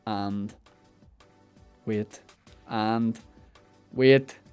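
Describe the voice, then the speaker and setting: A man's voice: lowish voice, fairly even intonation, very slow, darkish tone, clear, resonant tone, soft background music. A young man hosting a podcast in casual chat, answering listener questions in a rambling way that often interrupts itself. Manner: rambling, self-interrupting, with restarts and playful asides. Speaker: podcast host.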